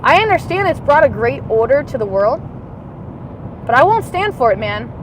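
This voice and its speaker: A woman's voice: high voice, big pitch swings, normal speed. Impassioned woman ranting from a noisy car. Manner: impassioned, swinging from shouting to muttering. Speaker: livestreaming vlogger. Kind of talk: rambling livestream rant while driving. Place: in a car in city traffic. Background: road and traffic noise.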